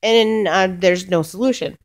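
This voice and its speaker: Talking to camera at a measured pace in a mid-range voice, a young vlogger airs her frustrations about the week. Her rant is rambling and exasperated, with frequent swearing and restarted sentences.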